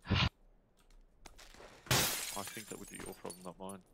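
A man on voice chat as a squad teammate, making dry, deadpan remarks. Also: sits low, measured pace, creaky. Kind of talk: casual gaming chat. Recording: loud noisy voice chat.

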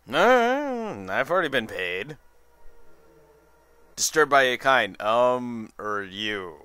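A man's voice: medium pitch, big pitch swings, takes it slowly, pushed and bright, clear, resonant tone, dry recording. A tired man doing rambling, sarcastic commentary over a video game. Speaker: let's play commentator.

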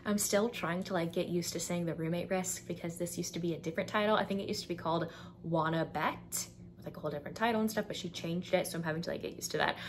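A woman's voice: on the low side, fast talker, a little hiss or hum. A young woman, casually recommending books as a vlogger, chatty and full of fillers, acting out characters' lines. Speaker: book vlogger.

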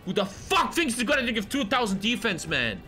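A man giving casual, excitable gameplay commentary while he plays, swearing often and swinging between loud outbursts and low mutters. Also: moderate pace. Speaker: gaming streamer.

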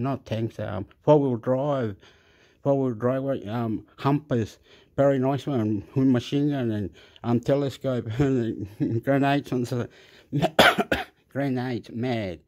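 Rambling foul-mouthed guy ranting over a news clip, drops spanish words, mid pitch. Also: darkish tone. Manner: rambling, crude, swears a lot, mixes in Spanish. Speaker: video commentator.

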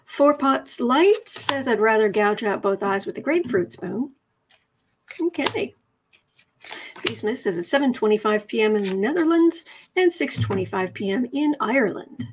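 A woman's voice: fairly high pitch, lively intonation, normal speed, background noise. A woman hosting a casual tarot livestream, reading viewer comments aloud and chatting in a rambling, self-correcting way.

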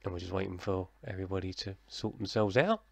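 A low, gravelly man talks his way through a football management game in a loose, commentator-style patter, mocking his own pessimism. The sound is dry and close, with no room around it. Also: fast talker, a little mellow, dry recording. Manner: chatty, self-deprecating, mock commentator, talking to himself. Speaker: gaming YouTuber. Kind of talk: casual let's-play commentary.

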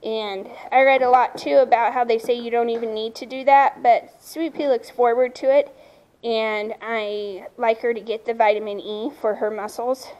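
A woman's voice: fairly high pitch, steady tone, normal speed, darkish tone, low-quality recording. A woman casually talking to camera outdoors at her farm, chatting about her horse and now and then speaking to her animals. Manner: chatty, talks to her animals between remarks. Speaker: horse owner vlogger. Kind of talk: casual outdoor vlog talk.

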